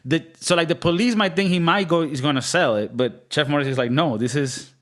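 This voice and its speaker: A man's voice: fairly high pitch, lively intonation, quick pace, a bit bright. Guy hosting a podcast, rambling and joking around, keeps dropping into silly accents. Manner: jokey, rambling, slips into put-on accents. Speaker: podcast host. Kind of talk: casual chat.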